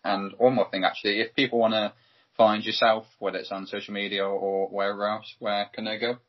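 A man hosting a podcast, speaking in a hesitant, halting way as he wraps up the interview. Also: on the low side, level tone. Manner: hesitant, halting, with fillers and restarts. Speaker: podcast host. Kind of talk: casual interview wrap-up. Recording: dull lo-fi podcast audio.

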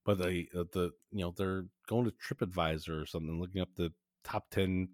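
A man's voice: deep voice, steady tone, a little fast, no echo, studio quality. A man hosting a podcast, recapping an old cartoon episode in a joking, rambling casual chat full of fillers. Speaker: podcast host.

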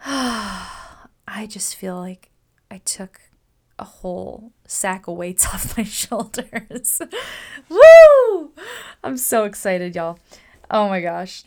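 A woman's voice: medium pitch, vocal fry. A woman hosting her own podcast in a casual solo monologue, gushing and upbeat, with lots of "like" and "oh my gosh.". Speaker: podcast host.

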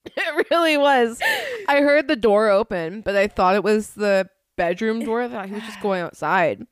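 A woman's voice: medium pitch, normal speed, clean tone. A woman co-hosting a podcast, telling a spooky story in casual chat over a video call and breaking into laughter. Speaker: podcast co-host.

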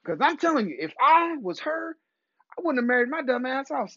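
A man hosting a podcast, delivering a profane, animated comedic rant. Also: very high-pitched, moderate pace, long pauses, no echo, lo-fi sound. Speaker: podcast host.

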